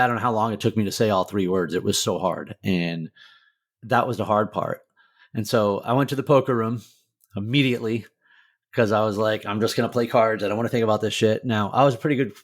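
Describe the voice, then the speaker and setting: Middle-aged man, interview guest, candid storytelling, emotional, blunt language, mid-pitched voice. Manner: candid, emotional, swears freely, many "like" fillers. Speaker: guest, motivational speaker. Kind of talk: personal storytelling in a podcast interview.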